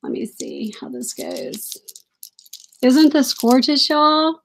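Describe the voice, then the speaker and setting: A woman's voice: high voice, wildly swooping pitch, slow pace, vocal fry, a little hiss or hum. A woman hosting a casual live stream, chatty, apologetic and easily distracted, gushing over items she is shown.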